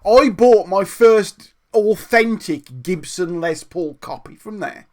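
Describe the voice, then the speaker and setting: Casting: man, high-ish voice, loose rambling storyteller, casual swearing. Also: lively intonation, slow pace, darkish tone. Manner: rambling anecdotes, swearing freely. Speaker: podcast co-host. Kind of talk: casual chat. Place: room with friends, streamed live.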